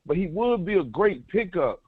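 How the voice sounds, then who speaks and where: An eager male fan calls in over a tinny phone line, pressing his case with insistent questions. His voice sits very high for a man. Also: very animated, moderate pace, breathy edge, no room sound. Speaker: caller. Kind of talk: fan call-in.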